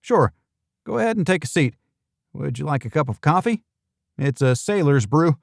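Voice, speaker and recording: A fussy middle-aged yacht-club manager with a slight New England accent, talking prim and skeptical in a higher register, as a male narrator puts him on. The storybook read is dry and close, with no room sound at all. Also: big pitch swings, moderate pace, creaky, no echo. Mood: obliging.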